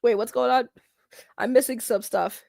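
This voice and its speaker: High-voiced woman ranting on a livestream. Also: moderate pace, gravelly, no echo, clean studio sound. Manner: animated, talks back to chat, swears and laughs. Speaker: livestream host. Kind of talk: casual livestream rant.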